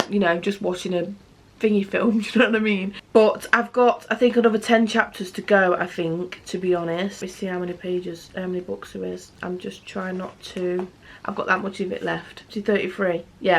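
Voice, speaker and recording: A woman's voice: on the low side, a little hiss or hum. A young woman reviewing a book to camera at home, in a blunt, chatty way with constant swearing. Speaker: book vlogger. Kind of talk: casual book review chat.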